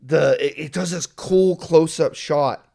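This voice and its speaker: A young man co-hosting a casual film review chat, excitable and acting out imagined lines of dialogue. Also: a little high, slow pace, creaky. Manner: excitable, acts out imagined dialogue, many restarts. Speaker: podcast co-host.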